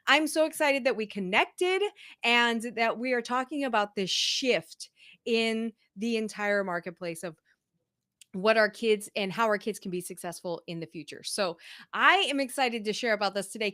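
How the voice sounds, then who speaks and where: A woman's voice: a little high, moderate pace, dry recording. Eager woman podcast host, dry sound. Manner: enthusiastic, warm welcoming. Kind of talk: interview introduction.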